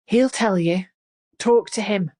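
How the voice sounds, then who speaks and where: A woman's voice: mid-range voice, slow, warm tone. Woman reading a tearful young woman, ashamed, blocked-up nose, pleading, audiobook thriller.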